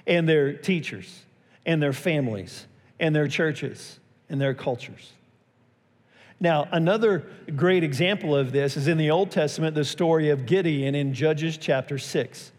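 A man's voice: a little high, a little slow, long reverb tail. A man preaching a sermon as pastor, telling a story and acting out its quotes with a raised voice.

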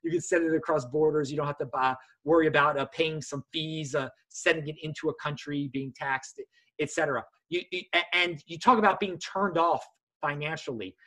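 A man hosting a casual chat, talking in an animated way and mocking others in a high voice. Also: brisk. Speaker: host.

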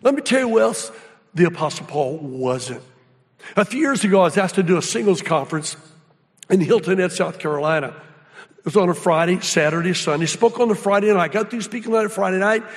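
A man giving a sermon, telling stories in a lively, folksy way and dropping to a hushed tone at moments of awe. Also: high-pitched, fairly quick. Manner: animated storytelling, folksy, drops to hushed awe. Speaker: guest speaker. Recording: hall reverb.

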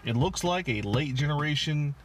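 A man's voice: a little high, expressive, moderate pace. A man co-hosting a casual podcast, rambling and self-mocking, often trailing off mid-thought. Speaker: podcast co-host. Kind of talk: casual chat. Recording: lo-fi podcast with faint hiss.

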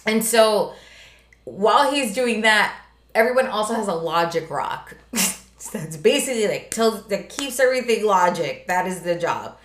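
Animated woman chatting in an echoey room. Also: medium pitch, normal speed. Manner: animated, swears casually, fond of retelling scenes. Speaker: podcast co-host. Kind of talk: casual chat. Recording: roomy echo.

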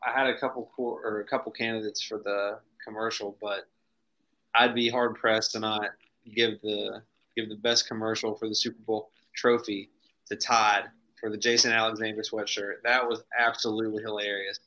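Bright-voiced man in casual chat. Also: lowish voice, level tone, normal speed, rough recording. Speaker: sports podcast co-host.

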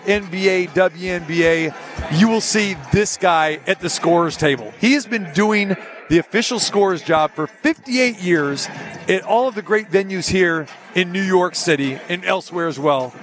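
A man hosting a live radio show from an arena, telling a story in a casual, animated way and acting out the people in it. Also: high-pitched, moderate pace. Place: arena during a live broadcast. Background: music and an arena crowd.

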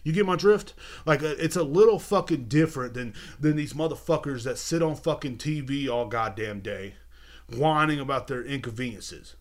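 A young man rants casually on his home podcast. He swears nonstop and rambles, often repeating words and phrases. His voice sits at an ordinary middle pitch. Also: moderate pace. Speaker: podcast host. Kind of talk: casual ranting monologue.

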